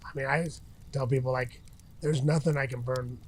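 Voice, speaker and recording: A man's voice: mid-range voice, fairly even intonation, moderate pace, slight background noise. A middle-aged man talking casually as an interview guest outdoors by a campfire, rambling with many restarts and fillers. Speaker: interview guest, retired fighter.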